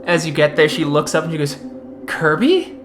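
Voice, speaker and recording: A woman's voice: low voice, level tone, fast talker, background noise. A woman acting as storyteller, narrating a tabletop horror game with descriptive, dramatic pacing.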